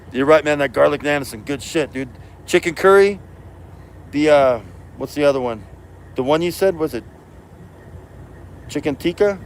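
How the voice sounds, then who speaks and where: Rambling trucker, wind noise. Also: male voice, on the high side, poor audio. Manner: rambling, slangy, mixes in Spanish words. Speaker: livestreaming truck driver. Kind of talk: casual livestream chat.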